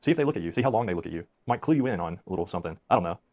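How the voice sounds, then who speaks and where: Fast-talking, self-deprecating man. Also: sits low, lively intonation, a little mellow. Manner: rambling, self-deprecating anecdotes. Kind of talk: storytelling on a stream.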